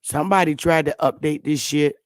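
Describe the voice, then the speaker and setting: A woman hosting a casual livestream, talking bluntly with profanity and excited exclamations. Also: sits low, fairly quick, dry recording. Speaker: livestream host.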